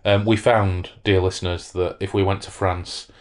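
Middle-aged host, deep voice, rambling and self-deprecating. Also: male voice, level tone, normal speed. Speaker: podcast host. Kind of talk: book reading and casual chat.

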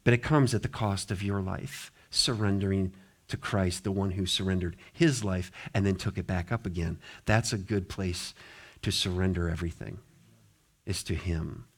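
A middle-aged man preaching a sermon as pastor, impassioned, swinging between loud appeals and quiet, low asides. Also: moderate pace, slightly rough. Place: church sanctuary.

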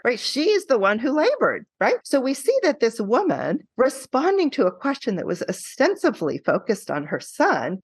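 A woman who teaches qualitative research, guesting on a podcast and telling stories in an animated way, often checking in with "right?". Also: on the high side, slightly rough, dry recording. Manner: animated storytelling, frequent tag questions.

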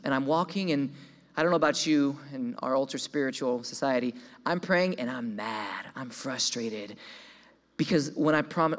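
Young man telling a lively testimony. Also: mid-range voice. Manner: animated storytelling, voices his own quoted thoughts; repeats words when excited. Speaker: speaker giving a testimony. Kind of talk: sermon testimony. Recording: long hall reverb.

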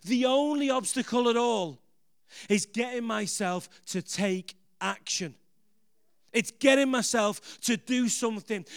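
High-voiced emphatic male preacher. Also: a bit bright, clean tone, no room sound, studio quality. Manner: emphatic, repeats phrases, questions the audience. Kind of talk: sermon.

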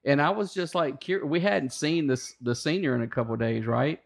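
Man, Marine veteran, swearing storyteller, casual chat, slightly high voice. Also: fairly quick, gravelly. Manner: profane, animated storyteller. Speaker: Marine veteran telling boot camp stories.

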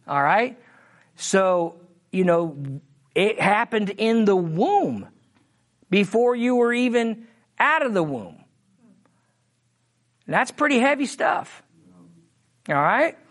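In an animated, fairly bright mid-range voice, a preacher teaches from the Bible during a sermon. He lingers over scripture, stressing it slowly, and keeps checking in with "Amen?" and "All right?"

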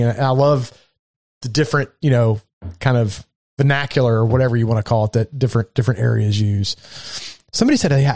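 A man's voice: mid-range voice, a little mellow, no room sound, clean studio sound. A man with a Southern US accent, talking enthusiastically in a casual podcast chat and swearing a lot. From southern United States. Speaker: podcast co-host.

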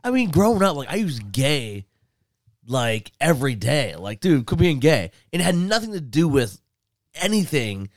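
Animated man, lively casual banter. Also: a little high, no room sound, clean studio sound. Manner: animated, laughs often, drawn-out "like" fillers. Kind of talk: casual chat.

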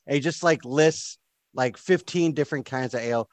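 A man's voice: medium pitch, normal speed, no room sound. Male game master, loose rambling narration, dry sound. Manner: casual, rambling narration with fillers.

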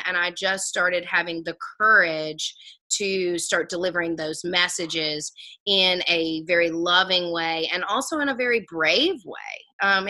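Bright-voiced woman telling a spiritual story. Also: mid-range voice, poor audio. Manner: earnest, drops to a hushed voice when telling intimate moments. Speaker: medium. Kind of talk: storytelling in casual conversation.

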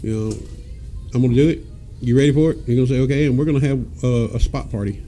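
A man's voice: medium pitch, quick pace, warm tone, faint music behind. Rowdy laughing man storyteller. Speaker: podcast co-host. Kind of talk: casual storytelling chat.

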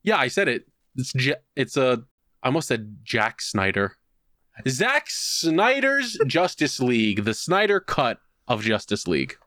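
Animated, profane man on a podcast. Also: mid-range voice, a little slow, no echo, studio quality. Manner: acts out quotes in put-on voices. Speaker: podcast co-host. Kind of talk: casual chat.

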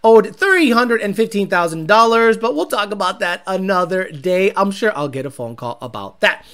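A man's voice: sits high, lively intonation, moderate pace, a bit bright, clear, resonant tone. A man hosting a live car show in casual, brash and sarcastic talk, rambling through viewer names.

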